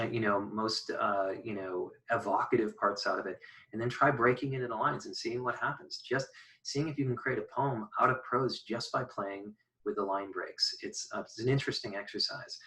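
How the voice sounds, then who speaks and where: A man giving a recorded poetry lesson, thinking aloud in a casual, halting way with many fillers and restarts. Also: fairly low pitch, sharp tone, recorded from a distance, rough recording. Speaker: poetry teacher. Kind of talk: recorded online lecture.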